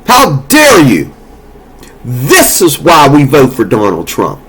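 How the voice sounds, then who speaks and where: A man's voice: medium pitch, wildly swooping pitch, slow pace, a bit bright, slightly rough. A man delivering a heated, profane political monologue, scolding and cursing as he talks. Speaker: political commentator. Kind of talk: angry monologue.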